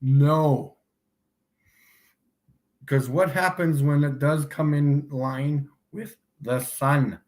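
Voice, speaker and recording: A man hosting a casual livestream, mocking his viewers and laughing often as he repeats his points slowly for emphasis. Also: on the high side, fairly even intonation, a little mellow. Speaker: livestream host.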